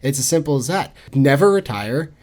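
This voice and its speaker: A man's voice: mid-range voice, normal speed. Jokey man hosting a book chat. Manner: jokey, animated, acts out quotes. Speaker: podcast host. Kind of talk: casual chat.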